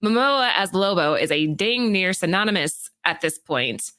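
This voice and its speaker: A woman co-hosting a comic book podcast, reading prepared market rundowns in a steady, informative way and chatting casually. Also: lowish voice, moderate pace. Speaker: podcast co-host.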